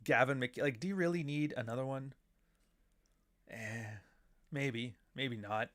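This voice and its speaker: Middle-aged Canadian man, mid-pitched, sardonic and profane, rambling livestream host. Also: unhurried, fairly bright tone. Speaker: show host. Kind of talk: casual livestream commentary.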